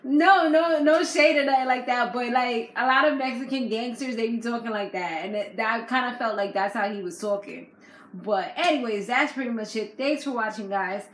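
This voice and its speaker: A woman giving a casual, animated recap of a reality TV episode in a slangy storytelling way. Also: a little high, moderate pace. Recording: echoey room.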